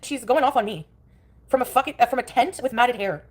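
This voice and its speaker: A woman's voice: fairly high pitch, fairly quick, a little mellow. A woman livestreaming from her couch, ranting angrily and profanely at rivals in a cutting, confrontational tone. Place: at home on a couch.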